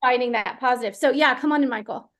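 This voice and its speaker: A woman performance coach telling a story in a chatty, animated way during a live question-and-answer session. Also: on the high side, fast.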